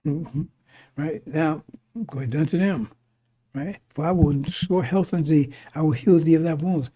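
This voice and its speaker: Reading verses aloud and then unpacking them casually, a preacher speaks at a normal pace in a warm, husky voice on the high side. His explanations are full of restarts and repeated "right?"s.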